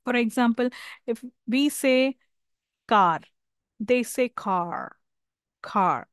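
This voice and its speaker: A woman's voice: a little high, slow pace, clear, resonant tone, dry recording. A woman with an Indian English accent giving a live university lecture, hesitant with many fillers and restarts, checking in with her listeners.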